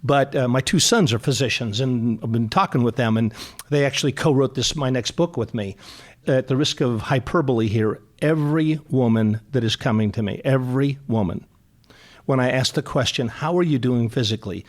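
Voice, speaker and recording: A man's voice: medium pitch, moderate pace. A middle-aged man, a psychologist guest on a radio interview, speaking earnestly and repeating words for emphasis.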